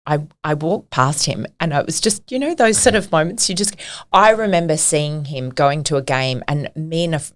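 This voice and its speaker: A woman's voice: sits low, moderate pace. A middle-aged woman, a podcast guest, telling stories in casual conversation and often laughing as she talks.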